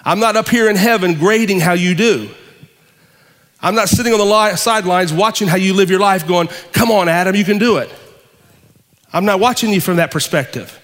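Preacher voicing God, all-knowing male creator, earnest and measured, fairly high voice, long hall reverb. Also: fairly bright tone. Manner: earnest, measured, first-person address.

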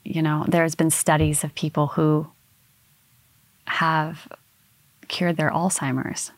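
A woman's voice: low voice, slow pace, no room sound. A woman guest who works in hypnotherapy, chatting casually and telling stories with lots of fillers and restarts. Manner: animated storytelling, many fillers and restarts. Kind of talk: casual conversation.

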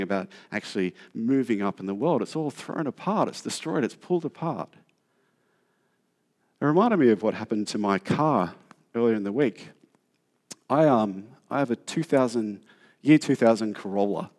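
A man delivers a sermon in a loose, chatty way at a middling pitch. He reads scripture and pokes fun at himself, then slows right down to land the key lines. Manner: conversational and self-deprecating, slows for emphasis. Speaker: preacher.

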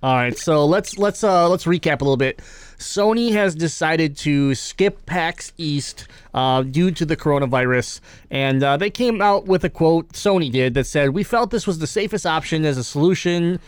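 A man's voice: a little high, normal speed, clean tone, dry recording. A man co-hosting a gaming podcast in loose, joking banter, laughing often and reading quotes aloud. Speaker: podcast co-host.

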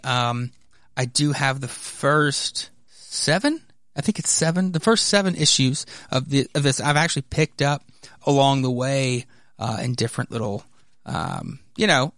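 A man's voice: mid-range voice, a bit bright, no room sound, clean studio sound. A man hosting a casual comic book podcast, narrating and chatting in a loose, rambling way. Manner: rambling, loose, many fillers and restarts. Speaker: podcast host.

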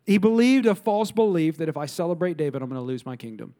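A male pastor in his thirties preaching a sermon in a somewhat high voice. He is emphatic and repeats key lines. He often turns to the audience with questions. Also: animated, fast talker, few pauses, warm tone.

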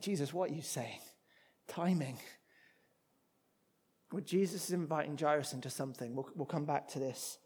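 A man preaching a sermon, expressive, moving between loud emphatic passages and hushed ones. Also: a little high.

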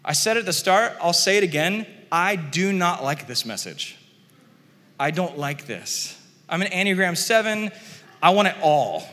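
A man preaching a sermon in a relaxed, conversational way, often chuckling and acting out the quotes he reads. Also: high-pitched, measured pace. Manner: conversational, animated, laughs often, acts out quotes. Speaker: pastor. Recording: long hall reverb.

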